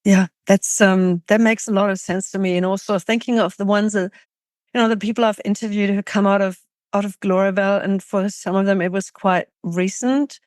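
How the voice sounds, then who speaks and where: A woman's voice: medium pitch, steady tone, moderate pace, darkish tone, no echo, studio quality. A middle-aged woman from Germany, a journalist guest speaking earnestly and thoughtfully in a podcast interview, often restarting her sentences.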